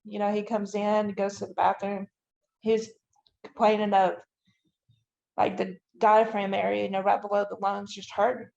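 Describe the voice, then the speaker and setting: A woman tells her story to a podcast host in a low, crackling fry. She walks through each moment in detail, with lots of "you know" and "I'm like" along the way. The audio sounds dull and lo-fi. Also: little pitch movement, moderate pace, darkish tone. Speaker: podcast guest. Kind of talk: emotional personal account.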